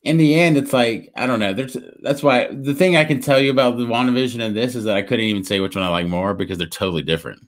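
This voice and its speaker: A man co-hosting a casual podcast, retelling stories in a rambling, animated way with lots of restarts. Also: medium pitch, fast, hardly any pauses. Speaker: podcast co-host. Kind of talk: casual chat.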